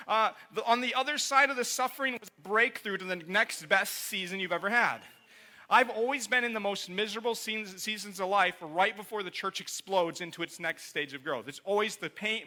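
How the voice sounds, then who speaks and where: A man's voice: high voice, pushed and bright. A man preaching a sermon as pastor, blunt and emphatic, acting out mocking quotes from his listeners. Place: church.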